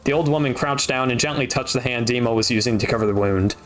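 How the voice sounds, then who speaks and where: A man reading a novel aloud on a stream, steady narration broken by wry asides. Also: mid-range voice, fast talker, slight background noise. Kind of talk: casual audiobook reading with asides.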